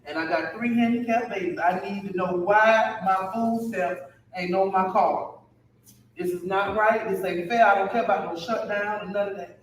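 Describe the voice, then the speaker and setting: A woman's voice: medium pitch, moderate pace, slight background noise, close to an everyday voice. Woman playing a fed-up tired mother, echoey. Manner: exasperated, repetitive complaining. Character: weary older single mother demanding her food stamps. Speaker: comedian in a sketch. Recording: echoey, distant clip with faint ambience.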